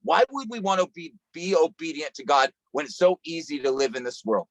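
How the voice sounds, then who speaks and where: A man's voice: on the high side, lively intonation, a little fast, dry recording, low-quality recording. A man preaching a sermon over a video call, telling a story in an earnest way and often repeating and restarting phrases. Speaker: pastor.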